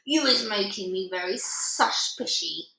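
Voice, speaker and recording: A woman's voice: medium pitch, gravelly, bright, forceful tone. A woman doing a bellowing brute of a giant. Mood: menacing. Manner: bellowing, drawn-out, mangled grammar. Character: huge brutish cowardly male man-eating giant. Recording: roomy echo.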